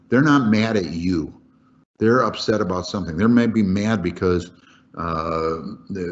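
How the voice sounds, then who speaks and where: A man teaching a webinar on workplace safety in a folksy, conversational way, repeating key points for emphasis. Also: sits low. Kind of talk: webinar lecture. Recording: dull lo-fi webinar audio.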